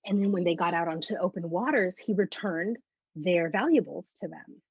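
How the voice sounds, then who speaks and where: A woman guest giving a personal faith testimony as an animated storyteller who acts out the conversations she recounts. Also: fairly low pitch, moderate pace, gravelly, husky, no echo. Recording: muffled lo-fi dry recording.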